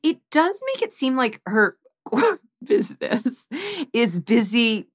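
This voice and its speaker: A woman's voice: on the high side, big pitch swings, takes it slowly. A woman co-hosting a podcast, making wry, joking asides during a casual movie recap. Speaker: podcast co-host.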